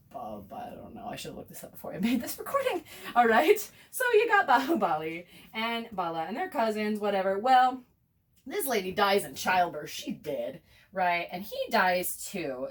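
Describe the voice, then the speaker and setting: Recorded from a distance, an American teacher with a medium-pitched voice casually recaps a film. She's chatty and sarcastic, dropping in many fillers and whispered asides.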